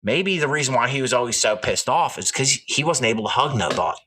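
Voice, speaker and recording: A man riffs on a comedy podcast, swearing freely and spinning absurd rants. His voice is bright and edgy, and his pitch swings widely from line to line. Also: animated, fast, slightly rough. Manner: profane, rambling, jokey rants. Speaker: podcast co-host. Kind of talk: crude comedic podcast banter.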